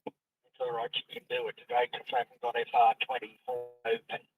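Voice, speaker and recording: A man co-hosting a live stream over voice chat, speaking calmly and asking technical questions. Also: medium pitch, a little fast, creaky, slightly rough, no room sound, phone-quality sound, faint music behind. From Australia. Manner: calm, asks technical questions.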